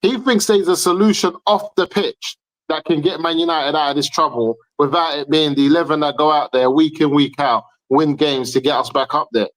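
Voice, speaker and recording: A man's voice: a little high, steady tone, moderate pace, fairly bright tone, low-quality recording. A man arguing his point emphatically in a heated football debate, repeating himself for stress.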